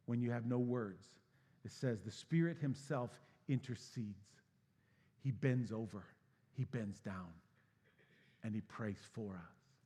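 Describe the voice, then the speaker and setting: A man preaching a sermon as pastor, swinging from hushed, low passages to loud, emphatic bursts. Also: takes it slowly, long pauses, breathy edge. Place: church sanctuary. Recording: long hall reverb.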